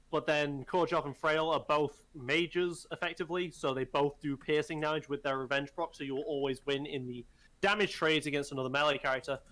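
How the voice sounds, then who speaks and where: A man co-commentating a tournament with a somewhat high-pitched voice. He talks through the teams' setups analytically, explaining how each side plans to win. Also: a bit bright. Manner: analytical, explains team strategy. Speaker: game co-commentator.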